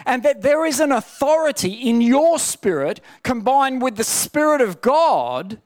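A man preaches in a testimony style, asking his listeners rhetorical questions and restarting his sentences often. His voice sits high for a man. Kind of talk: sermon.

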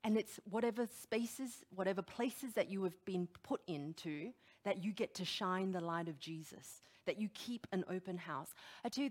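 A middle-aged woman preaching a sermon, animated and emphatic, putting direct questions to her listeners. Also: medium pitch.

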